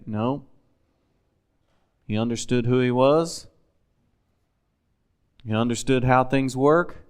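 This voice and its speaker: A man's voice: mid-range voice, clear, resonant tone. A man preaching a sermon in a folksy, conversational way, often asking his listeners questions.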